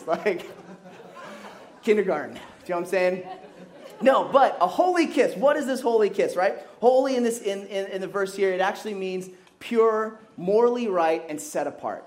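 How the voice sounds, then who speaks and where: Animated youth pastor who grew up in Kenya. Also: male voice, high-pitched, normal speed, background noise. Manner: animated storytelling, jokey asides. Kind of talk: sermon.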